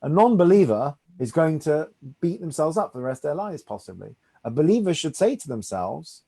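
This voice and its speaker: A man leads a study group as its rabbi. His voice sits dark and mellow, and he talks in an easy, conversational way, often tagging "right?" onto his points. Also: a little high, sing-song, a little fast, vocal fry, few pauses, breathy edge. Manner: conversational, reassuring, asks "right?". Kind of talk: teaching a study class.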